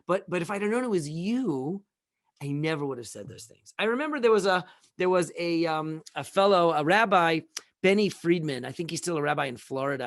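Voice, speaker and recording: A man's voice: high voice, creaky, no echo, clean studio sound. A man hosting a live talk show, speaking in a casual, folksy way, rambling with many restarts and repeated words. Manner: conversational, folksy. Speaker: host.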